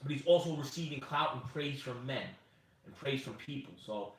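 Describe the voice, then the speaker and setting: A man's voice: mid-range voice, moderate pace, recorded from a distance. A man co-hosting a casual chat, earnest and preachy, bringing in his faith. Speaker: podcast co-host. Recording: echoey room, off-mic.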